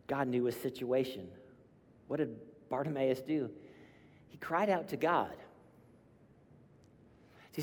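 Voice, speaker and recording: A man preaching a sermon, emphatic and building to loud cries on key lines. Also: on the high side. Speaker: pastor. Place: church sanctuary. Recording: long hall reverb.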